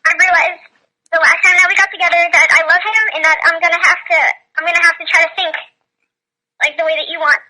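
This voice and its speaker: A young woman answering interview questions in a hesitant, halting way. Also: very high-pitched, little pitch movement, sharp tone, poor audio.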